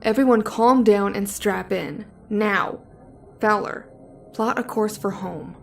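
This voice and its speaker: A woman's voice: fairly high pitch, moderate pace, distant mic, faint music behind, close to an everyday voice. A woman voicing a panicked male spaceship commander who barks orders at his crew in a horror story. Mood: shouting orders. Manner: barking, forceful commands.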